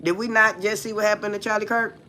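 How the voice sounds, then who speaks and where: An American woman hosting a livestream talks fast in a steady, medium-pitched voice that sounds pushed and bright, with a little hiss or hum. She's blunt and profane, tossing rhetorical questions at her viewers.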